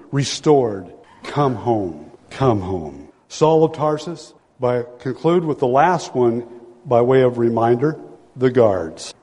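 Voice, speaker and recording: A man in his sixties preaching a sermon as pastor, dramatic, swinging from loud pleading to hushed low tones. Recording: long hall reverb.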